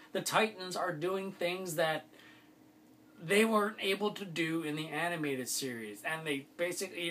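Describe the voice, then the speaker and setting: A man's voice: on the high side, fairly bright tone, a little hiss or hum. A man giving a casual spoken film review, exasperated and ranting, with many fillers and restarts.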